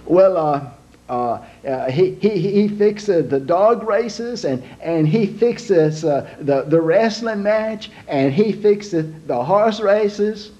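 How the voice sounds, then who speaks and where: A boastful older Italian father, voiced in a put-on Italian accent by a man telling jokes. He drawls slowly and stammers through his brags, with a slightly high, mellow tone. The recording is dull and lo-fi, with a faint hum behind it. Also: lively intonation. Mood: proud, bragging. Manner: halting, stammering, slow drawl. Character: boastful old Italian father, broken English.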